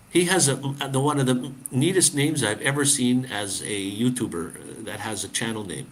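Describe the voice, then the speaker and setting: A man's voice: medium pitch, moderate pace, few pauses. A man chatting casually on a live stream, answering viewers, laughing often and restarting his sentences. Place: living abroad in the Philippines.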